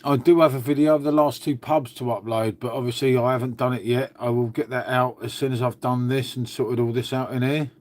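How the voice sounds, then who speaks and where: A man's voice: medium pitch, little pitch movement, brisk, few pauses, a little mellow. A man from England hosting a casual live stream from home, rambling and calling viewers "mate". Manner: rambling, repeats "mate" and "shall we say". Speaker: livestream host. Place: at home indoors.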